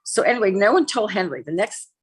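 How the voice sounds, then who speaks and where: An actress and former TV host in her sixties, appearing as an interview guest, tells a personal story with a sense of grievance. Her mid-range voice is fast with a breathy edge. She is animated and candid, acting out the quoted dialogue.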